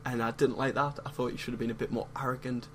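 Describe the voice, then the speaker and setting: A man's voice: mid-range voice, level tone, quick pace, a little hiss or hum, poor audio. An English man, a guest reviewer on a podcast, giving his candid opinions in casual chat. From England.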